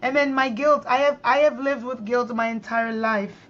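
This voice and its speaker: A middle-aged woman from New York speaks as a podcast guest, retelling family memories with heavy emphasis and repeated phrases. Her voice sits a little high. The recording sounds slightly dull and lo-fi. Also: steady tone, normal speed, fairly bright tone. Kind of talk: emotional personal storytelling in conversation.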